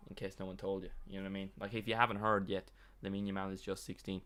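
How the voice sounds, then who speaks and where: Low-voiced man rambling on a live stream. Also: little pitch movement, quick pace, pushed and bright. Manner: rambling, joking, self-mocking. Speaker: streamer reacting to a video. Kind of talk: casual live-stream commentary.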